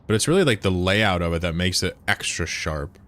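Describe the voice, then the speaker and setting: A man with a low voice streams a game and chats casually with his viewers. He is laid-back and profane, and he drags his words out slowly when he admires something. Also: animated, fairly bright tone. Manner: laid-back, profane, answers chat aloud. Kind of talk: casual livestream chat.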